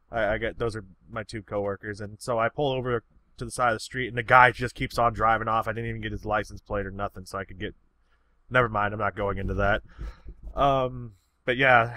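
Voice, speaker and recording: A man casually answers viewer questions, rambling and swearing freely in an easygoing, unpolished chat. His medium-pitched voice is bright and forceful, with no echo.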